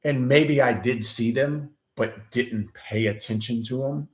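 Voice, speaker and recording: A man's voice: medium pitch, unhurried. A man appearing as a guest on a casual live stream, talking hesitantly with many restarts and agreeing easily. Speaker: guest, co-worker of the host. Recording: roomy echo.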